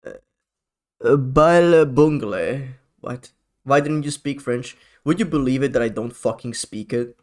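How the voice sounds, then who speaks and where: A man's voice: medium pitch, fairly even intonation, normal speed, darkish tone. A man streaming live, chatting casually in a rambling, profane way with frequent laughs.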